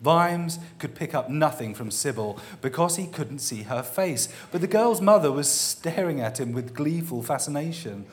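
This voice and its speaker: A man's voice: fairly high pitch, lively intonation, moderate pace, few pauses. A man reading a comic novel aloud, amused and often laughing as he reads. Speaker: reader.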